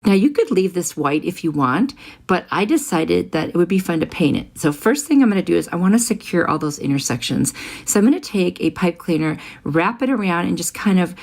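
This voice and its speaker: Here a middle-aged craft channel host narrates a tutorial, guiding the listener step by step in an easygoing, friendly tone. She speaks fairly quickly and with animation, her slightly low, darkish voice touched by vocal fry.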